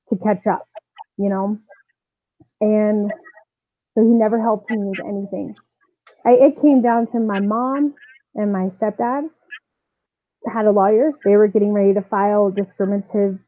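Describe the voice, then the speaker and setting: A female softball coach, appearing as a podcast guest, tells her personal story earnestly and animatedly, using lots of fillers. Her voice is mid-range, and the dry, echo-free line sounds tinny, like a phone.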